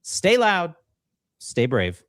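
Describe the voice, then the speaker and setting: A man hosting a political commentary livestream, talking in an animated, mocking, rallying way. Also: a little high, extremely slow, very noisy. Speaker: livestream host.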